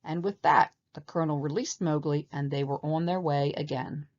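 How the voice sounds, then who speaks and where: Expressive woman reading a storybook aloud. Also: sits low, moderate pace, lo-fi sound. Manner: expressive and animated. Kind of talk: storybook read-aloud narration.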